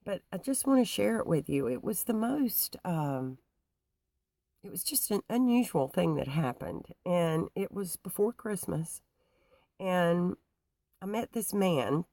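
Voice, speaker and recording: Gravelly woman telling a story. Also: on the low side, expressive, mellow, dry recording. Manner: halting, many restarts and fillers, laughs between thoughts. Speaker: YouTuber. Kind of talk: casual personal storytelling.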